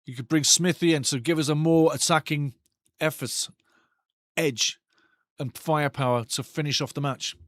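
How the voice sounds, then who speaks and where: A man hosting a live football watch-along, commentating excitedly on the match and chatting with viewers' comments. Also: a little high, moderate pace, dry recording, studio quality.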